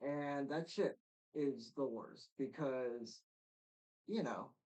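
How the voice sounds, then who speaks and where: A man chats casually on a live stream, reacting to a video. He talks at a slow, unhurried pace and rambles, with plenty of fillers and restarts. His pitch sits in an ordinary middle range. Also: a little mellow, rough recording.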